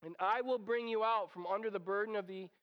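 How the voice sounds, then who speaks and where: Male pastor, high clear voice, conversational teaching style, reverberant church hall. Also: fairly even intonation, fairly quick, lo-fi sound. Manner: conversational, explains scripture with emphatic repetition. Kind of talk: expository sermon. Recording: long reverb of a large hall.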